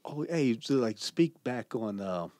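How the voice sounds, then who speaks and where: A man hosting a relaxed podcast chat, laid-back and bantering with his guest. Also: mid-range voice, measured pace, dry recording. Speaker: host. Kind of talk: casual conversation.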